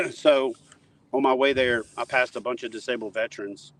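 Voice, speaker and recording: A man's voice: medium pitch, fairly even intonation, quick pace, fairly bright tone, low-quality recording. Give me a joking, rambling man with a mid-range voice, talking outdoors. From Toledo Bend area, southern US. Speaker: interview guest. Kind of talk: casual storytelling. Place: outdoors near a dock.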